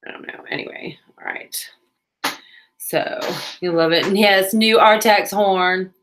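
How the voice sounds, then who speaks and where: A woman's voice: mid-range voice, steady tone, a little slow, fairly bright tone, slight background noise. A woman, chatting casually on a crafting livestream, with playful asides.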